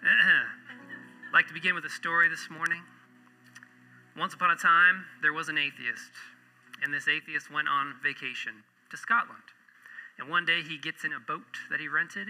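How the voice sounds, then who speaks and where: A middle-aged pastor preaches in church in a bright, crisp-toned voice. His speech sits fairly high for a man. He swings between jokey storytelling and earnest teaching. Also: rough recording. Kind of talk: sermon.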